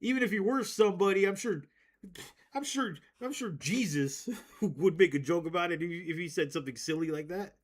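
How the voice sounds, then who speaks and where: A man with a voice pitched a little above most men's, holding forth in a loose, profane rant to his stream. He rambles, restarts his thoughts, and breaks into laughs at his own stories. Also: normal speed. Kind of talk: casual rant to stream chat.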